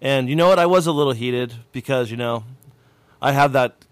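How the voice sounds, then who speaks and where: A man co-hosting a casual motocross podcast, talking bluntly and getting loud when riled. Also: mid-range voice, normal speed, clear, resonant tone, no echo. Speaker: podcast co-host. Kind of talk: casual chat.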